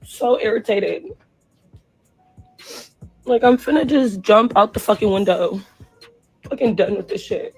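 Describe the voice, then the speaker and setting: A young woman performer, crying and hoarse, ranting profanely and in distress straight at her livestream viewers. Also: mid-range voice, unhurried, pauses often, faint music behind, rough recording. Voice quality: husky. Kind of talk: emotional livestream rant.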